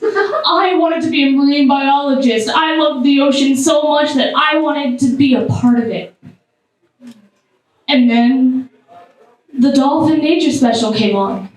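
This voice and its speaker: A woman performing a stand-up comedy set, animated, with sudden high squeals. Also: a little slow. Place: comedy club stage. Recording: echoey club sound from far off.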